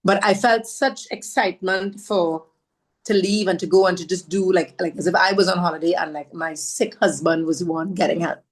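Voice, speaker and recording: A woman from Trinidad, a podcast guest telling her story in an animated, self-mocking way. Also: lowish voice, moderate pace. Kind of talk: storytelling conversation.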